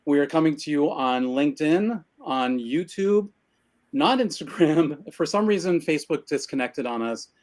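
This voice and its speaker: A co-host of a live creative business show talks over a video call from his cluttered home office. His darkish voice sits on the high side and is expressive at a normal speed, and the casual stream chat comes out winded, meandering, and self-mocking.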